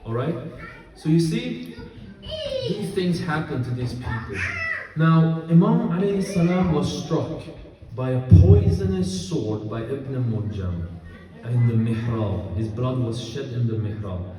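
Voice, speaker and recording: A man's voice: mid-range voice, animated, measured pace, dark tone. A man preaching a sermon to an audience, telling stories and asking them rhetorical questions. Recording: echoey hall from far off, crowd audible.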